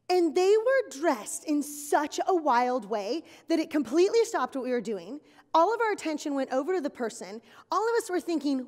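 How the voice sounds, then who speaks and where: A woman giving a children's sermon at church, telling stories in an animated, exaggerated way for kids. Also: high-pitched. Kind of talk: kid's sermon with acted skit. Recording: long reverb in a hall.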